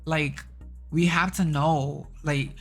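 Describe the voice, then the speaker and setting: A woman's voice: low voice, steady tone, slow, faint music behind. A young woman ranting to her vlog audience, exasperated and blunt, swearing and repeating herself. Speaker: vlogger. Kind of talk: casual rant to camera.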